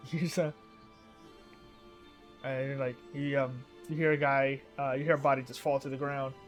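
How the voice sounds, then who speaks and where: A man's voice: medium pitch, level tone, moderate pace, soft background music. A man narrating a tabletop game as game master, casual and often breaking into laughter. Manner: casual, laughing between lines.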